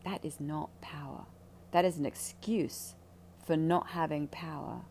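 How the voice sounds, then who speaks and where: Blunt, profane woman with a warm low voice. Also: steady tone, measured pace, a little hiss or hum. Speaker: ayahuasca ceremony guide. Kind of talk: candid spiritual talk.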